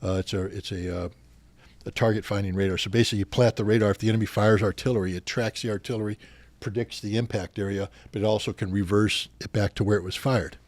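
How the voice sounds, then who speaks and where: Middle-aged male guest, low voice, dry close sound, animated storyteller who gets louder at the clashes. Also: fast, dry recording. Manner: animated anecdotes, louder when retelling confrontations. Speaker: podcast guest. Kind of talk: storytelling interview.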